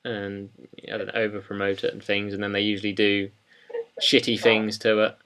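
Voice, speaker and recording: A man's voice: fairly low pitch, monotone, normal speed, fairly bright tone, clear, resonant tone. A young man co-hosting a wrestling podcast in casual chat, rambling and hesitant, with many ums. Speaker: podcast co-host.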